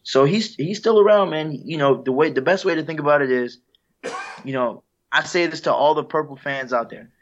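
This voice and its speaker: A male guest musician with a voice on the high side speaks at a moderate pace during an interview. Relaxed and reflective, he tells heartfelt stories and laughs easily, though the recording sounds dull and lo-fi.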